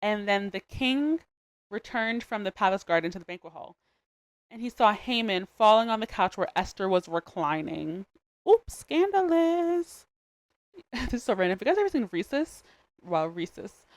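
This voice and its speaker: A young adult woman hosting a podcast, retelling a Bible story in a casual, animated, slangy way with joking asides. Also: mid-range voice, normal speed, dry recording. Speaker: podcast host.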